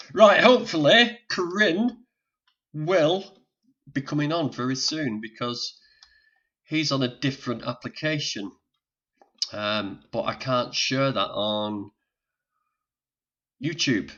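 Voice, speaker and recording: A man's voice: mid-range voice, expressive, unhurried, long pauses, bright, forceful tone. An older man with a Northern English accent hosting a casual live stream, chatting and joking with viewers while sorting out technical problems. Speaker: livestream host. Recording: dull lo-fi stream audio.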